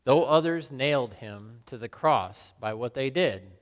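A man's voice: medium pitch, lively intonation, close to an everyday voice. A man playing Peter, a remorseful old-time fisherman. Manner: solemn, halting and self-questioning. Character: remorseful apostle Peter, a burly middle-aged fisherman. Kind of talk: dramatic monologue. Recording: long reverb in a large hall.

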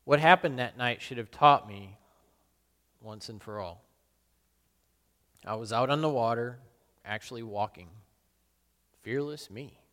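A man playing Peter, a remorseful, brash fisherman and apostle, in a slow, brooding first-person monologue with sudden loud outbursts. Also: mid-range voice, close to an everyday voice. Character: remorseful middle-aged fisherman apostle, brash, guilt-torn. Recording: long hall reverb.

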